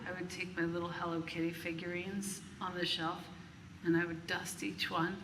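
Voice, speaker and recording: A woman hosting a casual interview, speaking gently and encouragingly with short replies and small personal stories. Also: lowish voice, little pitch movement, moderate pace. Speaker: interviewer and host. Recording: distant mic in reverberant room, clear background noise.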